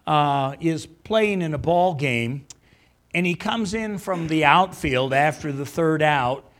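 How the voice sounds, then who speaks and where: A middle-aged man preaching a sermon in a high, light voice. He teaches verse by verse, stopping often to restart a thought and to check in with his listeners. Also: animated, slow, fairly bright tone. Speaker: pastor.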